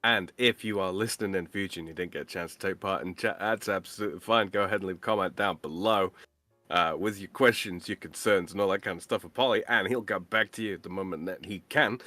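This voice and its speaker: A tired man co-hosting a live stream in casual chat, talking slowly and laughing often. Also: low voice, sharp tone, dry recording.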